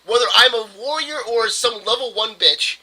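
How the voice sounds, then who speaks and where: A man's voice: extremely high pitch, moderate pace, crowd noise, rough recording. A man co-hosting a casual podcast, arguing in a heated, profane, mock-lecturing way. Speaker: podcast co-host. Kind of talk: casual argumentative podcast chat.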